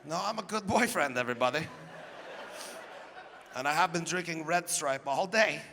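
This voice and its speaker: Man, live stand-up, animated profane storytelling, high gravelly voice, echoey venue. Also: normal speed. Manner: animated, profane, breaks into laughter. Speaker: stand-up comedian. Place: live comedy stage. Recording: reverberant venue, faint crowd noise.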